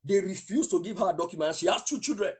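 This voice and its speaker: A man's voice: high voice, fast talker, a little mellow, slightly rough. A man preaching a fervent prophetic sermon, telling testimonies and speaking in tongues.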